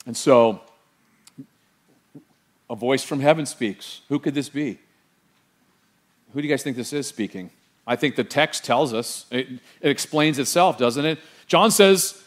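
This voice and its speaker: A middle-aged man pastor preaching an animated sermon and quizzing the congregation with questions. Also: medium pitch.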